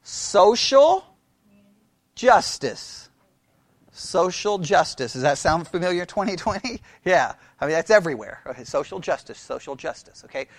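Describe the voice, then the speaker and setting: A man's voice: high voice, big pitch swings, unhurried, no room sound. A man lecturing a Bible class in a conversational way, quizzing his listeners and repeating key phrases.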